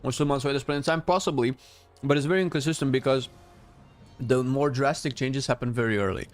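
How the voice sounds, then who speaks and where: A man's voice: mid-range voice, fairly quick, soft background music. Opinionated man streaming a game. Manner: opinionated, thinking aloud with many restarts. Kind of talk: casual live-stream commentary answering chat.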